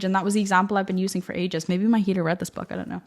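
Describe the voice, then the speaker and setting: A woman's voice: mid-range voice, little pitch movement, racing, hardly any pauses. A young woman coaching on manifestation in an effusive, gushing way, slightly out of breath with her voice tiring, dropping "like" often. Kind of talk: enthusiastic spiritual pep talk.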